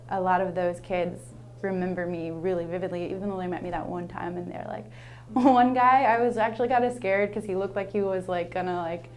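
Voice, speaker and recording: A woman's voice: lowish voice, a little mellow, a little hiss or hum. A young adult woman, a teacher, telling a personal story in a casual, rambling way, full of "like" and earnest asides. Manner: rambling, heavy use of "like", earnest.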